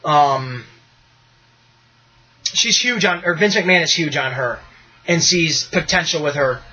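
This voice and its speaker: A man's voice: fairly high pitch, unhurried, breathy edge, muffled recording. A man hosting a podcast in casual chat, loose and profane, ranting with energy. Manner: loose, profane, animated rants. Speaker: podcast host.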